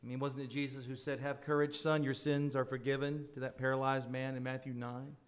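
A man preaching a sermon as pastor, swelling into emphatic appeals and dropping into soft, intimate asides. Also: medium pitch, flat delivery, fairly quick.

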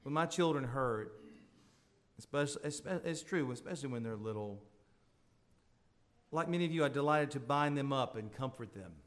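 A man preaching a sermon as pastor, swelling into emphatic appeals and dropping into soft, intimate asides. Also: medium pitch, expressive, moderate pace, long pauses.

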